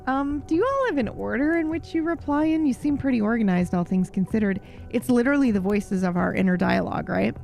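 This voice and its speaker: A woman's voice: fairly high pitch, expressive, a little fast, creaky, hardly any pauses, darkish tone, faint music behind. A woman streamer playing through a story game live, reading its text aloud and laughing often.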